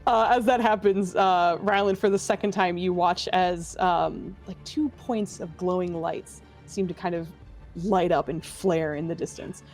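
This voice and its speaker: A woman's voice: fairly low pitch, fairly even intonation, unhurried, darkish tone, faint music behind. Laughing woman running a tabletop game. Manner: laughs often, playful. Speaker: dungeon master.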